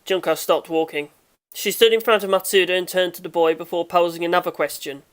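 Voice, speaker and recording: A woman narrates a fan audiobook in a low voice. Her reading is steady and measured.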